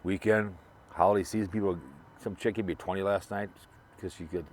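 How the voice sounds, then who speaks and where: A man with a voice that sits low and a steady tone speaks briskly, with a little hiss or hum in the audio. Driving along, the vlogger rambles in a casual monologue about a late fellow creator, repeating himself and restarting often.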